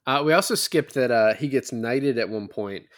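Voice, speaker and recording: A man's voice: mid-range voice, moderate pace. A man co-hosting a podcast, casually recapping a film, rambling and laughing as he retells scenes. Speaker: podcast co-host. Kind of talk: casual movie recap chat.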